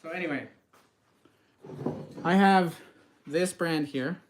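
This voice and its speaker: Chatty man with a slightly high voice. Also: takes it slowly, roomy sound, low-quality recording. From western United States. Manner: rambling, chatty, wanders off topic. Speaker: cooking channel host. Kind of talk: casual live-stream chat.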